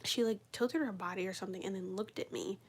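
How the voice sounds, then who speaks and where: A woman chatting casually on a live stream, telling a rambling, profane story full of "like" and sometimes dropping to a hushed whisper. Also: mid-range voice, fast, husky. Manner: drops into a hushed whisper at times.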